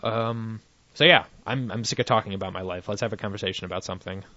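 This fast-talking man has a fairly low pitch and a sharp tone, with no room sound at all. He's on a podcast in casual chat, laughing a lot and rambling with fillers and restarts, captured in dry, dull lo-fi audio.

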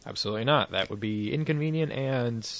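A man's voice: medium pitch, fast, a bit bright, no room sound. A man chatting casually on a podcast, laughing often and rambling with restarts and fillers. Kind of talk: casual chat. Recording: dry, dull lo-fi sound.

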